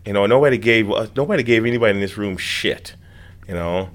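A man's voice: fairly low pitch, quick pace. A man in his fifties in a casual group chat, talking frankly with plenty of swearing and easy laughs. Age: 50s. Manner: frank and profane, laughs easily.

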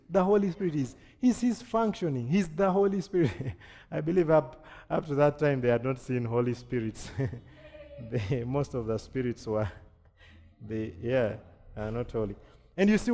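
A male pastor from Kenya delivering a lively sermon, acting out quoted voices and joking with his congregation. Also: fairly high pitch, moderate pace. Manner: animated preaching with jokes and acted-out quotes. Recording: long hall reverb.

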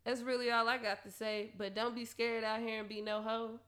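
A woman gives advice in a blunt, profane solo monologue aimed straight at her listeners, laughing often and getting loud and animated when she rants. Her voice is fairly high and she talks briskly.

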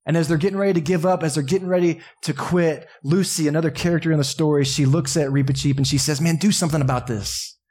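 A man's voice: on the high side, fairly even intonation, fast talker, hardly any pauses. Earnest male pastor preaching. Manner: earnest and impassioned, pushing to strong emphasis; drops to soft, quiet prayer. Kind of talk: sermon.

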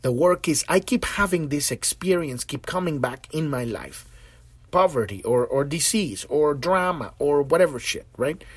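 A man's voice: a little high, breathy edge, dry recording. A man hosting a podcast, talking casually and with feeling about spiritual growth, swearing often and acting out the voices he quotes. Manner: animated, profane, acts out quoted voices. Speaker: podcast host.

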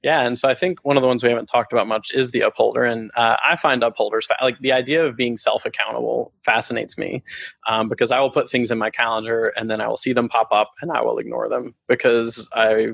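Fast-talking gravelly man hosting a podcast. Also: mid-range voice, level tone, a bit bright, dry recording. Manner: eager, rambling, lots of likes and restarts. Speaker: podcast host. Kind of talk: casual interview conversation.

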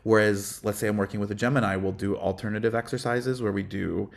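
Male guest, low bass voice, relaxed reflective podcast chat, fillers throughout. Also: fairly quick, vocal fry. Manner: reflective, chatty, frequent ums. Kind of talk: casual podcast conversation.

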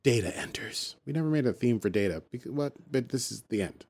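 A man's voice: mid-range voice, lively intonation, brisk, a little mellow. A man hosting a casual podcast, recapping an episode and acting out the characters' lines as he goes.

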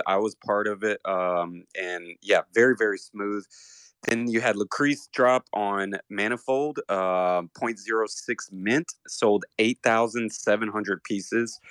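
Low, smooth-voiced man giving a news rundown. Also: no echo. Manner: steady, with frequent uh pauses. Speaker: co-host reading crypto news.

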